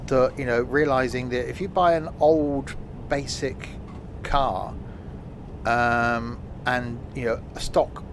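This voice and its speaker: A man's voice: mid-range voice, background noise. A man streaming a train simulator, rambling and self-mocking, with many fillers. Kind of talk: live gameplay commentary.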